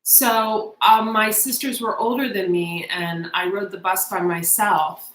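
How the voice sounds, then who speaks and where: A woman's voice: mid-range voice, steady tone, unhurried, fairly bright tone, echoey room, slight background noise, poor audio. A woman in her forties giving a casual tarot reading, chatty and emotional as she tells a personal story straight to her viewers. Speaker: tarot reader.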